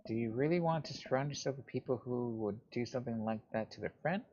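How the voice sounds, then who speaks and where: Male let's-play host, earnest and fatherly, mid-pitched, dull lo-fi recording. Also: fast talker, a little mellow, slight background noise. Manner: earnest, fatherly advice-giving. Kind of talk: reading game dialogue aloud.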